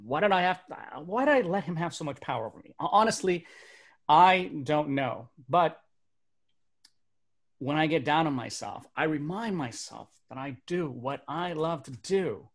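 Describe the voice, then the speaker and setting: A man in his thirties tells stories from his life as a magician, performing for a virtual audience through a webcam. His voice sits a little high, and he swings between animated comic timing and hushed, serious moments. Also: unhurried. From Burbank, United States. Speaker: magician and motivational speaker. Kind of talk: stand-up storytelling for a virtual audience. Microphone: webcam setup.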